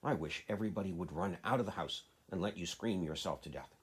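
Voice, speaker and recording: A man voicing a furious, bossy little girl who shouts fierce commands. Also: low-pitched, normal speed, breathy edge. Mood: furious, scolding.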